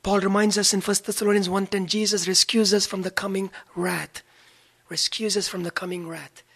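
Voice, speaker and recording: A preacher delivering a sermon in a husky, slightly breathy voice. The delivery is earnest, with scripture references cited by chapter and verse and key phrases repeated for emphasis. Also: mid-range voice, level tone, normal speed, a bit bright.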